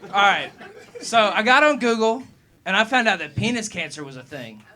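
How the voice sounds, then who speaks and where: This young male comic speaks in a high, sing-song voice at a normal speed while working an open mic at a comedy club, with a crowd audible behind him. His set is profane and rambling, he cracks himself up, and he turns loud and heated when answering a heckler.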